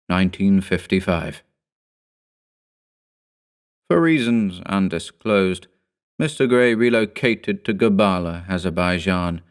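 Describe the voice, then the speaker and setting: A man with a low, smooth and resonant voice reads a horror tale aloud. His delivery is measured and somber, paced like scripted first-person storytelling. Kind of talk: scripted narration.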